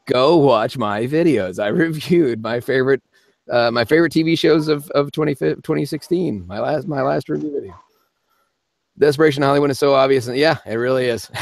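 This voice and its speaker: A man's voice: medium pitch, a little fast, creaky, no echo. A man hosting a live-stream Q&A as a voice actor, chatting casually and rambling with frequent laughs. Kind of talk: casual live-stream chat answering viewer comments.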